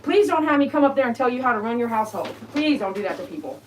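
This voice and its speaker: A woman's voice: fairly high pitch, expressive, very fast, background noise. Chatty woman over buzzing clippers. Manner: chatty, blunt, talks to the dog and viewers. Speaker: dog groomer. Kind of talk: casual talk while grooming. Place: grooming room. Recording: clipper buzz behind the voice.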